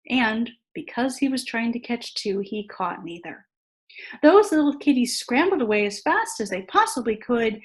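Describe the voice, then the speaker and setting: High-voiced woman reading a story. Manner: expressive, animated storytelling. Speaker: worship leader. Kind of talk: story read-aloud in a sermon.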